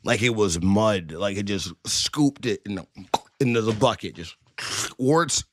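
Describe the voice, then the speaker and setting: Crude, rambling low-voiced man. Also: normal speed, slight background noise. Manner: crude, rambling, jokey, curses a lot. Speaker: streamer. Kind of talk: casual chat.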